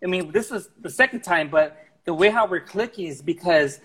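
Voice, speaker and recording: A podcast guest in a casual talk, a man who speaks earnestly and frankly. His voice is a bit husky and sits slightly high for a man. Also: moderate pace, a bit bright, low-quality recording. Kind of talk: casual conversation.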